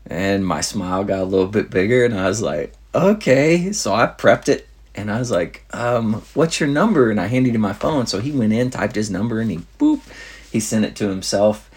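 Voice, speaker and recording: A man with a deep, low-set voice and a husky, slightly rough edge tells a long anecdote in a relaxed, meandering way. He strings his story together with many fillers and restarts, in the tone of a casual host chatting with listeners. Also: brisk. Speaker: podcast host.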